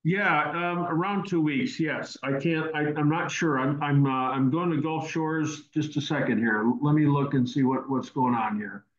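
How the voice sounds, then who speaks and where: A man's voice: a little high, steady tone, moderate pace, hardly any pauses. Rambling male host on a roomy call. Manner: rambling, repeats words and restarts. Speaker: host answering questions. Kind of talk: casual Q&A teaching session. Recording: roomy, dull online call audio.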